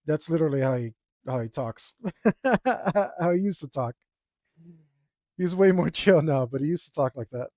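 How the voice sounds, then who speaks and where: A man's voice: fairly high pitch, animated, normal speed, long pauses, darkish tone, dry recording, studio quality. A young man, an artist, telling a story in a laid-back, rambling way with lots of ums while he draws. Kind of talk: casual storytelling while drawing.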